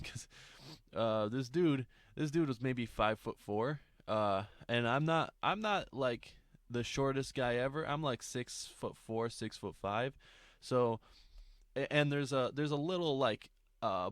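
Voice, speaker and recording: A man's voice: medium pitch, no room sound, studio quality. A young man in his twenties, casually telling a story for a vlog, rambling with laughs, swearing and restarts.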